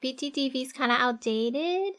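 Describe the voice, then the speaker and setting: A woman streamer chatting casually with her viewers, giggling often and thinking out loud as she works. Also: sits high, lively intonation, moderate pace. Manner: chatty, giggly, thinks aloud while drawing. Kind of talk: casual livestream chat with viewers.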